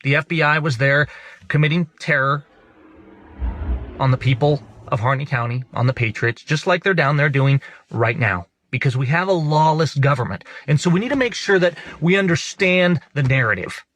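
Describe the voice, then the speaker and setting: A man's voice: on the high side, expressive, moderate pace, a bit bright. A man hosting an online show, giving emphatic, indignant political commentary to his viewers.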